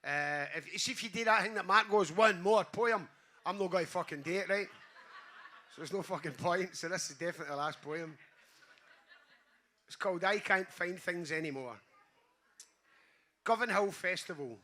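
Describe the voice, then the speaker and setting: On a small live venue stage, a Scottish poet gives a spoken-word performance of his poems, earnest yet sweary in his asides to the audience. His high voice is pushed and bright, at normal speed with long pauses.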